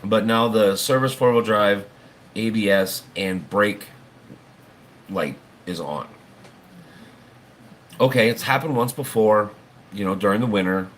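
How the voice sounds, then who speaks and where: Low-voiced man rambling on a livestream. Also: unhurried, pauses often, a little hiss or hum. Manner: rambling, folksy, swears casually. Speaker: livestream host. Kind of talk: casual livestream chat.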